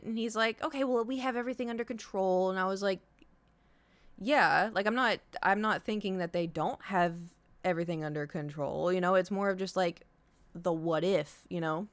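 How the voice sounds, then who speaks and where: A woman's voice: medium pitch, a little fast. A woman streamer chatting casually to her viewers, telling a long rambling story full of fillers and acted-out quotes. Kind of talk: casual chat.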